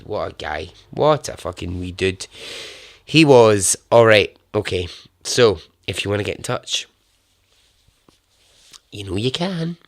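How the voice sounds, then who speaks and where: Slow, gravelly man rambling. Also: lowish voice, sing-song, no room sound, clean studio sound. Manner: swearing, loose and chatty. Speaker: podcast host. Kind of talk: casual rambling sign-off.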